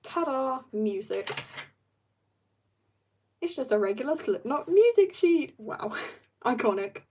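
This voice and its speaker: A woman's voice: high voice, sing-song, takes it slowly, a little mellow, breathy edge. A young woman chatting casually while drawing on a livestream, bubbly and joking as she reads viewer comments. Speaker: art livestreamer.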